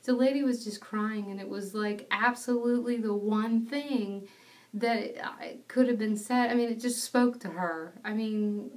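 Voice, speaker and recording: A woman's voice: fairly high pitch, unhurried, far from the mic. A young woman giving a personal testimony, telling the story in an earnest, self-deprecating way.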